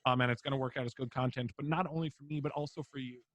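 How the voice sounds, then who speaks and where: A man's voice: medium pitch, fairly even intonation, rapid-fire. A young man chatting as a guest on a podcast, loose and rambling with plenty of fillers and swearing. His voice sits mid-range and sounds dry and close, with no room echo. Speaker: streamer guest. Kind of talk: casual podcast interview.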